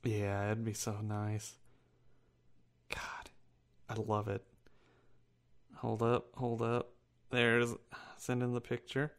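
A man's voice: on the low side, completely flat delivery, takes it slowly, pauses often. A man co-hosting a podcast in loose, profane casual chat, laughing often. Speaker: podcast co-host.

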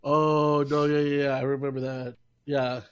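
A man's voice: mid-range voice, level tone, normal speed, clean tone. A man co-hosting a podcast in casual chat, rambling through stories and giggling as he goes. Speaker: podcast co-host. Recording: slightly dull lo-fi sound.

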